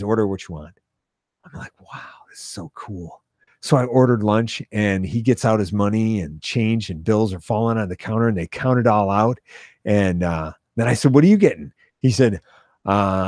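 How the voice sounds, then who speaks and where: A man's voice: fairly low pitch, darkish tone, no echo. Dry offhand man telling stories. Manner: dry, offhand, with small laughs. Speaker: podcast host. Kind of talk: rambling storytelling monologue.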